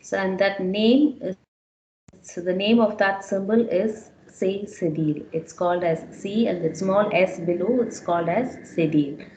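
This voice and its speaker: A woman's voice: mid-range voice, a little slow, darkish tone, slight background noise. A woman teaching a French class, explaining step by step and repeating words so students can follow. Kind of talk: classroom lecture. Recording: echoey room.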